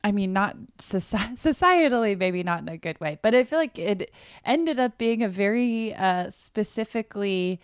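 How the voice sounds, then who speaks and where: A woman's voice: medium pitch, expressive, moderate pace, clear, resonant tone, dry recording, studio quality. A woman co-hosting a casual podcast, joking and laughing mid-sentence. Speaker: podcast co-host. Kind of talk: casual chat.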